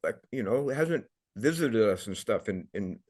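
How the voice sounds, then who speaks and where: A man's voice: lowish voice, sing-song, normal speed, a little mellow. A middle-aged man, a podcast guest, telling a personal story in an earnest, emotional way, often repeating words.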